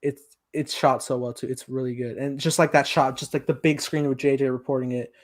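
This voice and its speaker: A man's voice: medium pitch, fairly even intonation, fairly quick. A young man co-hosting a casual film review podcast, animatedly retelling scenes and acting out quoted lines. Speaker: podcast co-host.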